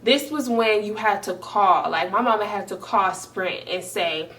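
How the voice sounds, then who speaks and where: Young woman, storytime vlog, animated, emphatic, swears freely, slightly distant mic. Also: mid-range voice, a little slow. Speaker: vlogger.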